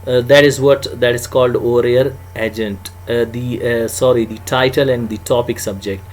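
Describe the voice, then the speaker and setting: A man's voice: mid-range voice, fairly even intonation, normal speed, low-quality recording. Emphatic male grammar teacher. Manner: emphatic, stresses example sentences, frequent "you know" and "uh". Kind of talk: recorded grammar lecture. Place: home or small room, recorded alone for video.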